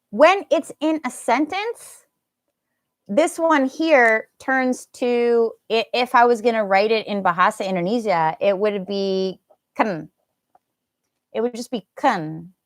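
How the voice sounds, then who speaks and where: Slow-talking American woman teaching English. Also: fairly high pitch, no room sound, studio quality. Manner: slow, carefully enunciated, mixes in Indonesian phrases. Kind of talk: live online language lesson.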